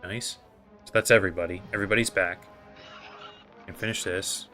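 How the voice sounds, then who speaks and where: A man's voice: low voice, steady tone, moderate pace, bright, forceful tone, faint music behind. A man giving casual gameplay commentary as host, thinking aloud in a hesitant way with many fillers. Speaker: gaming video host.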